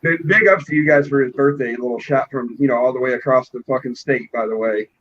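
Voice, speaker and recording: Man, fast talker, slightly high voice, dull sound. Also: fairly bright tone, slight background noise. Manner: quick questions and interjections. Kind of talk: casual chat.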